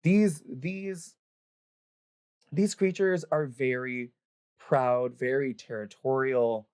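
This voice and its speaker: A man running a tabletop game as game master, narrating in a loose, rambling way full of fillers. His voice is dark and mellow, and the sound is dry and close. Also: medium pitch, fairly even intonation, slow, smooth, no echo. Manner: rambling, lots of "like" fillers, laughs often.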